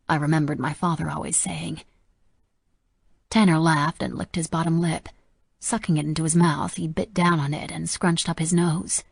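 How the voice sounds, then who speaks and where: A woman narrating a novel in the first person as an audiobook narrator, with a steady storytelling voice. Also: deep voice, moderate pace, creaky, slightly rough, no room sound, studio quality.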